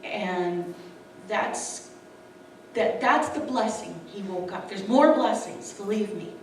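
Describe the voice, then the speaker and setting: A woman's voice: medium pitch, expressive, slow, slight background noise. A woman telling a personal story with earnest emotion, acting out the dialogue she recounts. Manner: earnest, acts out quoted dialogue. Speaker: speaker sharing her testimony. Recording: echoey room, distant mic.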